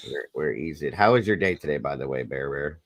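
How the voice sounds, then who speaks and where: A man's voice: extremely low pitch, brisk, vocal fry, dry recording. A man hosting a casual online chat, telling joking stories about his wife and dogs. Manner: joking storyteller, animated. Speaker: podcast host.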